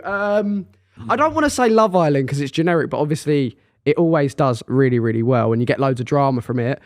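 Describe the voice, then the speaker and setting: A young man with an Essex accent co-hosting a podcast in casual, animated chat, laughing often and restarting his sentences. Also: medium pitch, a little fast, no room sound, studio quality. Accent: Essex English. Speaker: podcast co-host.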